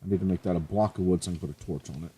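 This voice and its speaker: Let's play host, male, low and husky, chatty and jokey. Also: rapid-fire, dark tone. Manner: chatty, joking, self-mocking. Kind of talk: casual gameplay commentary.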